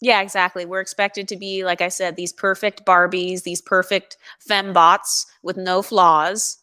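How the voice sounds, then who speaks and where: A woman's voice: fairly low pitch, level tone, measured pace, sharp tone, clear, resonant tone. Woman reading chat comments aloud. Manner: agreeable, reads comments aloud. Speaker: co-host. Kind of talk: casual livestream chat, reading viewer comments.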